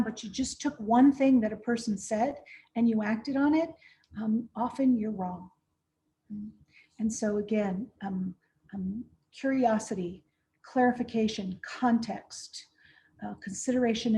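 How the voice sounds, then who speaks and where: A woman's voice: fairly high pitch, dark tone. A woman trainer giving a professional training lecture, conversational, often checking in with "right?". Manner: conversational, frequent "right?" tag questions.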